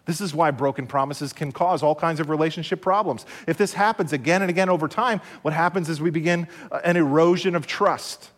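A man preaching a broadcast sermon in a measured way, repeating key phrases and asking rhetorical questions. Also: a little high, big-room sound. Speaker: pastor.

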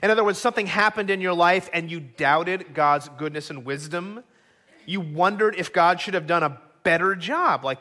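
A man's voice: high voice, moderate pace, sharp tone. A middle-aged man preaching a sermon as pastor, earnest and acting out quoted voices.

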